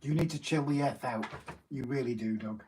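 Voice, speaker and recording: A man with a middle-pitched voice co-hosts a casual live stream. He adds relaxed, short remarks to the chat. A clear hiss sits under his voice. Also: moderate pace.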